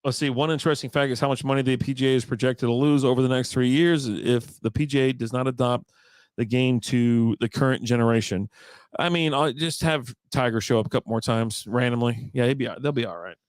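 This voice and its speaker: A man hosts a laid-back podcast, greeting viewers and chatting about sports. He laughs often and teases his co-host. His voice sits at a middle pitch with a dry, close sound. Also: brisk, no room sound. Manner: laughs often, teasing banter. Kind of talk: casual chat.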